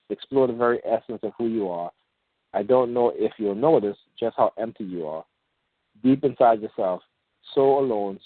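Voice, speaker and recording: A man hosting a call-in show, explaining things in a rambling, halting way with many fillers and restarts, and reading example passages slowly. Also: lowish voice, no echo. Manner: reads example passages aloud in a slow, measured way. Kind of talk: casual talk on a phone call-in show. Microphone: phone. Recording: tinny phone line, dry.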